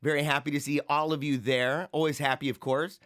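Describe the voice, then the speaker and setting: A man's voice: on the high side, little pitch movement, a little fast, a bit bright. A man hosting a livestream show, chatting casually, rambling, mocking and laughing often as he reads viewer comments. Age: adult, married with young children.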